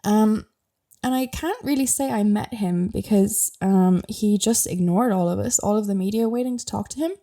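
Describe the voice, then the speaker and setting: Irish woman, young adult, podcast host, gravelly, warm low voice, chatty and rambling. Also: moderate pace. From Ireland. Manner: chatty, rambling, lots of fillers. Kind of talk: casual solo podcast chat.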